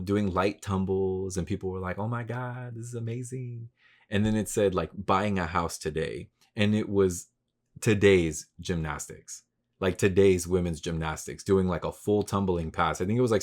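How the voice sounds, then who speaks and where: A man in his thirties with a low, deep voice, hosting a solo podcast in a loose, rambling way. He swears freely, talks in slang, and gets loud and worked up when he rants. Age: 30s. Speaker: podcast host. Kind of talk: casual solo podcast monologue.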